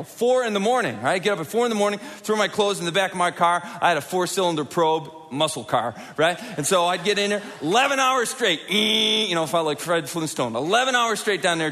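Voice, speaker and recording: A middle-aged man preaching a sermon in a large church auditorium, conversational and animated, often acting out quotes and asking the crowd for hands. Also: fairly high pitch, in a large hall. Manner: animated, conversational, with acted-out quotes and audience prompts. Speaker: pastor.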